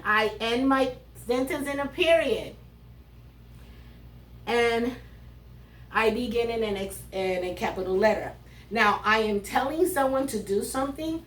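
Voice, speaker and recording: A woman teaching a third grade class, reading riddles aloud with animated emphasis. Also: on the high side, distant mic. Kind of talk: classroom lesson. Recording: roomy sound from away from the mic, faint ambience.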